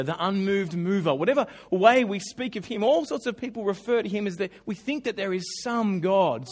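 A man preaching a sermon, telling animated stories with humorous asides. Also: high-pitched. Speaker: pastor.

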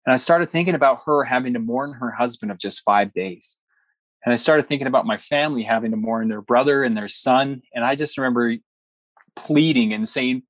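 A man's voice: mid-range voice, brisk, no room sound. Earnest young man telling his story. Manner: earnest, animated storytelling with quoted dialogue. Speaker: guest. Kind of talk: personal story in an interview.

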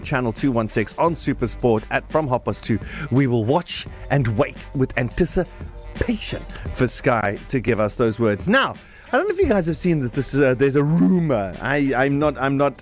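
A man hosting a morning radio show, animated and quick to laugh, from South Africa. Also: mid-range voice. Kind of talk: lively morning radio banter.

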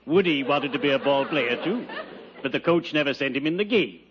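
A man's voice: a little high, lively intonation, fairly quick, a crowd in the background, natural voice. Digby Odell, a man playing an oily undertaker. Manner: smooth, unctuous, mournful puns. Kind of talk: 1940s radio comedy acting. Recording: lo-fi old radio broadcast with hiss.

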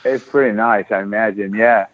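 A man's voice: lowish voice, steady tone, moderate pace. American man on a tinny phone line. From United States. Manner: chatty, laughs easily. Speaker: guest runner on the phone. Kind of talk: casual phone chat.

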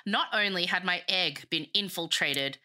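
A young woman in her twenties hosting a podcast, chatting casually and reading her memoir in an animated, self-mocking way that often breaks into laughter. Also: on the low side, moderate pace. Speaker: podcast host.

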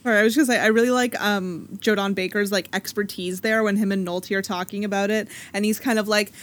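A woman's voice: mid-range voice, fairly even intonation, fast talker. A woman on a casual film podcast, thoughtfully offering her own readings of scenes.

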